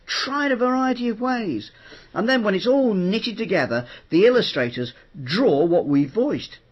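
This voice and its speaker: A middle-aged man chatting on his own podcast, animated and jokey, acting out quotes as he tells stories. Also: on the high side, breathy edge, dull audio. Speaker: host. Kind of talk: chatty spoken podcast monologue.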